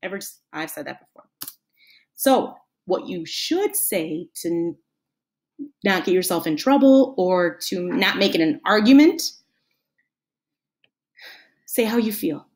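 A woman's voice: on the low side, expressive, takes it slowly, pauses often. A woman teaching a lesson to children in a patient, friendly way, acting out the example sentences. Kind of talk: classroom lesson talk.

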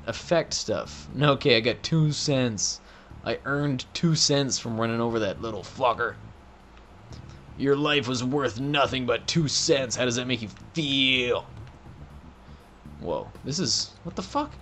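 Young man, let's play commentator, profane and joking, lively pitch. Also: a little hiss or hum. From Canada. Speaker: gaming commentator.

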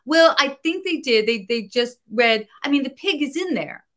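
A woman with a bright, fairly high voice, chatting as a guest about her writing. She talks in an animated way, laughs easily and often gropes for a word mid-sentence. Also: normal speed. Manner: animated, laughing, searching for words. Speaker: comic book writer, guest. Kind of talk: casual interview chat.

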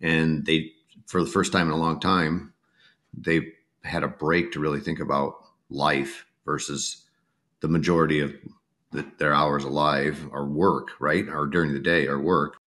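A man's voice: extremely low pitch, flat delivery, measured pace, fairly bright tone. A man co-hosting a podcast and talking casually about recruiting, who thinks aloud and often restarts his sentences. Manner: reflective, restarts thoughts mid-sentence. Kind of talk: casual conversational chat.

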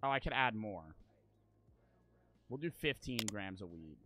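Over some background noise, a young streamer with a lowish, lively voice takes his time narrating his gameplay. He talks loudly to his chat, swears freely, and laughs frequently.

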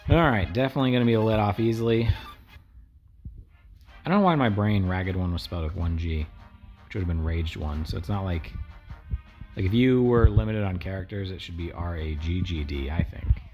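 A man's voice: low-pitched, moderate pace, a little mellow, soft background music. A man giving casual, rambling commentary while playing a video game, with wry asides to his viewers. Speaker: gameplay streamer. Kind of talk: casual let's play commentary.

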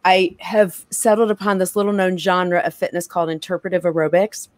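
A woman's voice: on the low side, steady tone, a little fast. A woman hosting a casual talk show over a video call, upbeat and laughing often. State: out of breath. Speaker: host.

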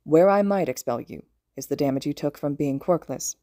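A weary, gruff male teacher, as a woman reads him, speaks low and quietly in measured phrases. The voice sits deep and mellow for a fan audiobook, recorded dry and close. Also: no room sound, close to an everyday voice. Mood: gentle, serious.

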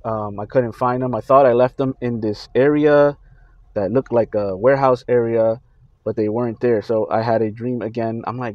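A man on a Christian video channel recounting his dreams in a casual, halting way, with many fillers and restarts. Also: medium pitch, fairly even intonation, no echo, dull audio.

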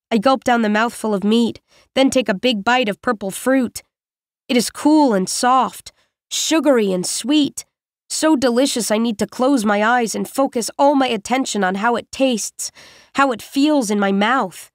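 A woman narrating an audiobook in the first person, with measured, reflective storytelling on a close studio microphone. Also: a little high, dry recording.

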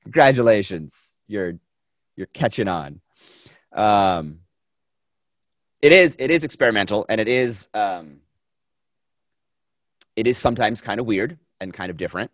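A man teaches a film class, his voice sitting on the lower side. He talks in a chatty, energetic way, circles back on his phrases and pads them with fillers. The sound is dry and close, with almost no room. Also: unhurried, pauses often, no echo. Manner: energetic, chatty, repeats himself, many fillers. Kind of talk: classroom lecture.

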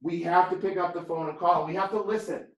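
Boston-accented man, blunt trainer talk, slightly high voice, echoey training room. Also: fairly even intonation, brisk. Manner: blunt, conversational, jokey. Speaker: real estate trainer.

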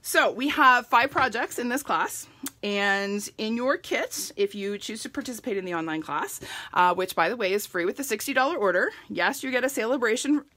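Woman, middle-aged, live craft demo host, chatty, animated pitch, dry close sound. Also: normal speed, no room sound. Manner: chatty, greets live viewers by name. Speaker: stamping demonstrator.

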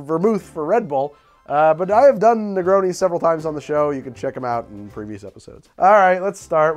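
Male cocktail-show host, bright upper register, very animated delivery, dry and foul-mouthed humor. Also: a little high. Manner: animated, profane, wry and self-mocking. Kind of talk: comedic bartending tutorial.

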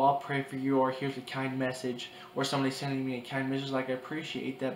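A young man in his early twenties talking to his camera in a confessional vlog, crying, halting and repeating himself. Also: mid-range voice. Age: 20s. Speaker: vlogger. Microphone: camera mic. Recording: echoey room with faint background noise.

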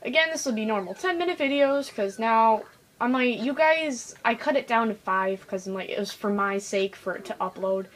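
A young woman chatting casually while she plays a video game, excitable and rambling, switching between loud outbursts and quiet mumbling. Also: on the high side, normal speed, a little hiss or hum, rough recording. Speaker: gaming video host. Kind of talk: casual gameplay commentary.

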